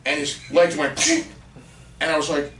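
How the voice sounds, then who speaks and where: A man guest on a podcast, telling a long story in casual chat and acting out quotes with excited rises in his voice. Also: on the high side, unhurried. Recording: roomy and distant with faint noise.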